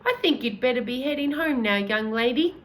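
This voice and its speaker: Woman putting on an old gentleman tramp, polite, old-fashioned, fatherly, highish voice. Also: animated, brisk, slight background noise. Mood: genteel.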